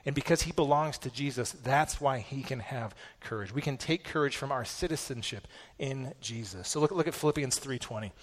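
A man's voice: medium pitch, a little fast. Earnest man preaching a sermon. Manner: earnest, repetitive emphatic phrasing. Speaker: pastor.

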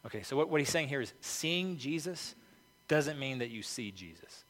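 This pastor's mid-range voice has lively intonation, a fairly bright tone, and normal speed. He preaches conversationally and informally, dropping "okay" and "like" throughout, and the hall around him is reverberant.

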